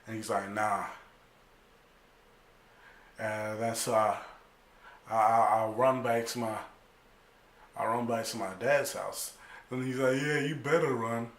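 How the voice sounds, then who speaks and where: A young man telling a story casually, animated and profane, full of slang, acting out other people's lines. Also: on the low side, measured pace, long pauses. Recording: echoey room.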